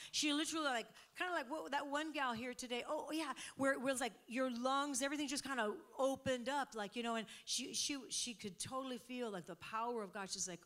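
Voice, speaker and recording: Bright-voiced woman preaching with animated storytelling. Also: fairly high pitch. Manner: animated storytelling, acting out quotes, laughing. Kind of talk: sermon testimony.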